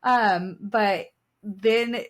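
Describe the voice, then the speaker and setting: A woman's voice: medium pitch, fairly even intonation, very slow. Chatty woman podcast co-host. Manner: chatty, laughing, emotional storyteller. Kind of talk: casual chat.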